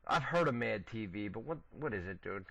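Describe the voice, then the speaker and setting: A man's voice: lowish voice, lively intonation, brisk, creaky, a bit bright, dry recording, rough recording. A man hosting a casual internet radio wrestling show on a headset, swearing, laughing and rambling through recaps with lots of fillers. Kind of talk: casual crude banter.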